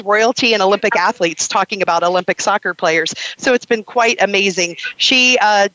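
A woman's voice: fairly high pitch, a bit bright, no echo, rough recording. A woman co-hosting, introducing a guest in an effusive, hyping way. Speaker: podcast co-host.

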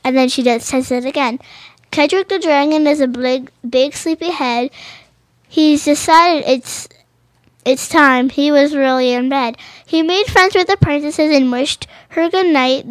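High-voiced woman reading picture books aloud. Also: no echo. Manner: stumbling and rereading phrases, adding casual commentary. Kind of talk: reading children's books aloud with chatty asides.

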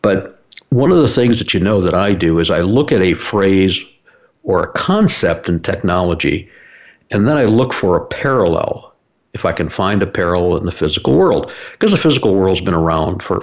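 Deep-voiced and animated, a man tells a story on his own broadcast at normal speed, rambling with plenty of fillers and restarts. The high frequencies are cut off. It comes across as a casual monologue where he explains things.

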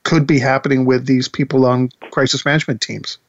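A man hosting a podcast interview, relaxed and quick to laugh, peppering his talk with "you know". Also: mid-range voice, no echo, lo-fi sound. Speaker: podcast host. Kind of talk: casual interview.

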